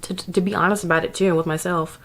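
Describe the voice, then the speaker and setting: A chatty woman vlogger talking straight to camera about self-care, with a slightly low voice. She laughs a lot and drifts into little asides as she goes. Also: steady tone, fast, a bit bright. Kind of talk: casual advice talk to camera.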